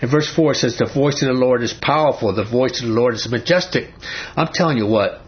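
A man's voice: mid-range voice, fairly quick. Emphatic male preacher, lo-fi recording. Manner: emphatic, repeats "I'm telling you", asks the listeners questions. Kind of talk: sermon, Bible study. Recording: dull lo-fi recording.

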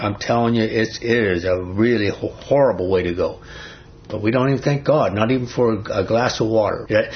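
A man's voice: on the low side, fairly quick. A man preaching a sermon, emphatic, often repeating "I'm telling you" and putting questions to his listeners. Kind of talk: sermon, Bible study. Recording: dull lo-fi recording.

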